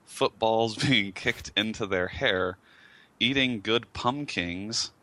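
A podcast co-host speaking very slowly in a fairly low, bright voice. His delivery is deliberate and dry, and the recording has no room sound. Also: no echo. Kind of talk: casual chat.

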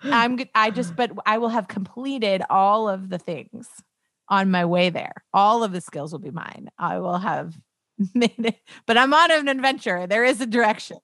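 A woman's voice: medium pitch, moderate pace, fairly bright tone, no echo. A woman hosting a podcast in a chatty, casual way, laughing often as she talks. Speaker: podcast host. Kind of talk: casual chat.

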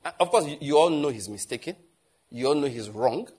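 Man, Nigerian accent, sermon, husky, animated, rhetorical questions. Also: fairly high pitch, a little fast. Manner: animated, asks the audience questions. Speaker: preacher.

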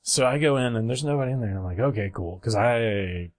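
A man's voice: mid-range voice, brisk, no echo. A young man on a podcast telling a long rambling story in casual chat, acting out other people's voices and laughing at himself.

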